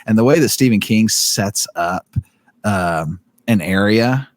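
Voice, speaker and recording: A man's voice: on the low side, takes it slowly, no echo. Rambling, chatty man on a book podcast. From living in Indiana. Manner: rambling, filler-heavy and enthusiastic. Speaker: podcast co-host. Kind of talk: casual book discussion.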